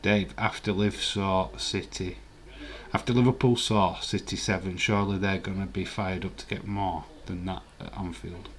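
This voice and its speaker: Male streamer in his forties, lowish voice, easygoing rambling chat. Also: fairly even intonation, normal speed. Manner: laid-back, rambling commentary with filler words. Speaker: streamer hosting a live watch-along. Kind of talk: casual live-stream chat, reading viewer comments.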